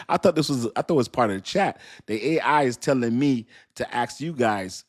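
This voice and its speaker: A man's voice: medium pitch, expressive, moderate pace. A middle-aged man hosts a casual crypto livestream, reading viewer names, laughing often and talking loosely to his audience.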